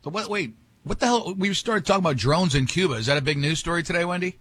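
A man's voice: fairly high pitch, lively intonation, fast, fairly bright tone, slight background noise. A man hosting a morning radio show, talking in a rambling, jokey way and often restarting his sentences. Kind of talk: casual morning radio banter.

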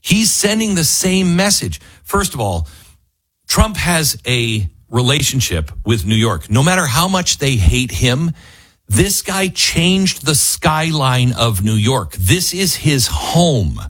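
A man hosting talk radio, his husky voice swinging widely in pitch as he argues his point. He is close and dry on a studio mic. His delivery is emphatic and combative, and it drops to a hush and then comes back loud. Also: sing-song, no room sound. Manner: emphatic, argumentative, shifts quickly between loud and hushed. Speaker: radio talk show host. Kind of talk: political talk radio commentary.

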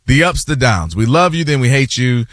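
A man's voice: medium pitch, normal speed, no room sound, clean studio sound. A man hosting a sports talk show, arguing his point in casual chat and acting out fans' voices. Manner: animated, acts out fans' and players' voices.

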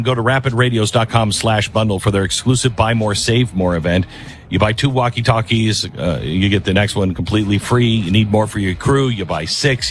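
A man hosting a political talk radio show and reading an ad in an emphatic, conversational way, often breaking off to restart his sentences. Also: on the low side.

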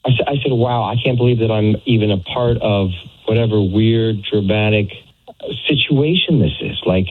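Husky-voiced man on a tinny phone line, hesitant, lots of fillers. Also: fairly low pitch, moderate pace. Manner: hesitant, many fillers, then storytelling. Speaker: phone call guest. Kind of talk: telling a story over the phone.

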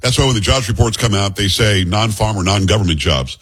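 A man's voice: lowish voice, brisk, fairly bright tone, slightly rough. A man hosting a political commentary show, talking bluntly and with scorn in a conversational way. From New York area. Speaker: talk show host.

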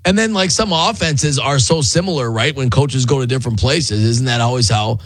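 A man's voice: mid-range voice, moderate pace, husky, no echo. A man co-hosting a sports talk show, rambling and thinking aloud as he goes.

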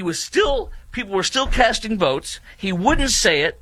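A man's voice: sits high, sing-song, unhurried, pushed and bright, no echo. A man hosting opinionated political commentary, reading quotes aloud and rebutting them with mocking indignation.

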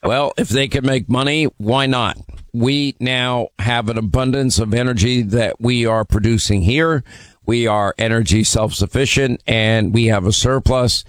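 A man's voice: mid-range voice, steady tone, measured pace, no room sound. A man hosting a call-in radio talk show. He speaks emphatically with strong opinions and many "uh" fillers. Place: radio studio.

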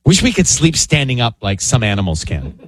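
A man's voice: medium pitch, sing-song, brisk, no room sound. A man hosting a morning radio show, chatting playfully with his co-hosts and jumping between topics. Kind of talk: casual on-air banter. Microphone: studio microphone.

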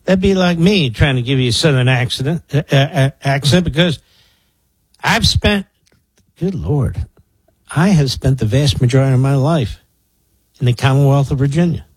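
Sarcastic radio host guy in his 60s from philly way, husky voice, dry close sound. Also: mid-range voice, moderate pace, pauses often, dry recording. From Philadelphia area. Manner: sarcastic, combative. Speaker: radio talk show host. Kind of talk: political talk radio monologue.

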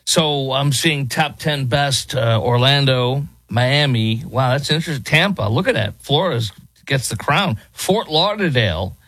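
A man's voice: mid-range voice, animated, measured pace, fairly bright tone, dry recording. A man filling in as host of a radio morning show, chatting casually and reacting with amused surprise. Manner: amused, chuckling, exclaims at surprises.

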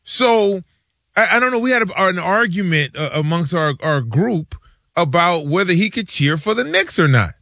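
Bright animated male sports talk host. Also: sits high, normal speed, no room sound, clean studio sound. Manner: animated storyteller, acts out friends' lines. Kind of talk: casual sports talk, storytelling.

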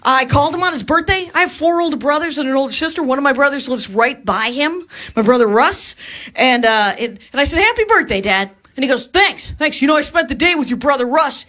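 A woman performing a stand-up comedy routine, telling stories and acting out the lines of the people in them. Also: high voice. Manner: animated storytelling, acts out quoted lines. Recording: live club with crowd laughter. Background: audience laughing.

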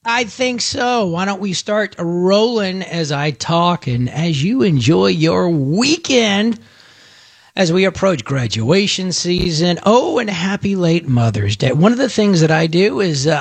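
Gravelly, high-voiced talk radio host man. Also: lively intonation, measured pace, no room sound. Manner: chatty, joking, rambling with fillers and restarts. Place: radio studio. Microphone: studio microphone.

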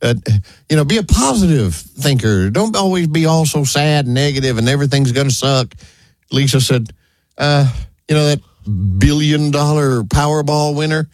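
A man, co-hosting a talk show with wry, deadpan jokes. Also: fairly high pitch, normal speed, no echo. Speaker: radio show co-host. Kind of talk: casual talk show banter.

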